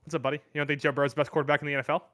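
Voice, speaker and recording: Bright, forward male co-host, quick teasing banter, dry recording. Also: fairly high pitch, little pitch movement, no room sound. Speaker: podcast co-host. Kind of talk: casual sports chat.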